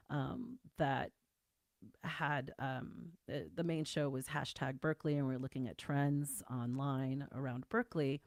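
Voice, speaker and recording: A woman's voice: sits low, no room sound, clean studio sound. A woman guest in a livestream interview, talking in a chatty, rambling way with many fillers. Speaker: guest game developer.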